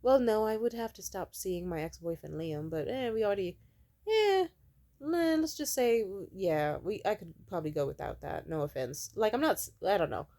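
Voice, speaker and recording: A woman's voice: expressive, moderate pace, mellow. Sarcastic, swearing young woman ranting. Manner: profane, sarcastic, exasperated ranting; mocking high voices when quoting others. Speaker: vlogger. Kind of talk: ranting vent vlog.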